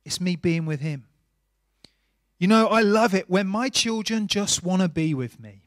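A middle-aged man preaching a sermon in a church, earnest, dropping to a hush and rising to emphasis. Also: sits high, expressive, a little slow, no room sound, studio quality. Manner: earnest, varies volume from soft hush to emphatic. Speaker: pastor.

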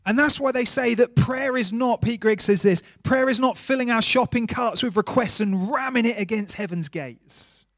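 A middle-aged man preaching a sermon in a church, earnest, dropping to a hush and rising to emphasis. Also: extremely high pitch, normal speed, hardly any pauses, dry recording, clean studio sound. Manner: earnest, varies volume from soft hush to emphatic. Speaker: pastor.

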